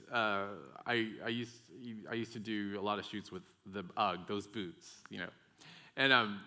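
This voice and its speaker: A man casually telling a personal story in a rambling, animated way, full of restarts and quoted dialogue. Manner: animated, rambling, many restarts and "like"s, gets loud and high when excited. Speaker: storyteller sharing personal faith testimony.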